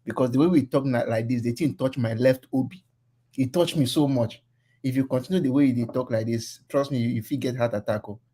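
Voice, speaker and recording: Nigerian man, husky voice, earnest, persuasive, pidgin mixed in. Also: mid-range voice, brisk, mellow. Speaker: call-in participant. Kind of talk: casual online group discussion.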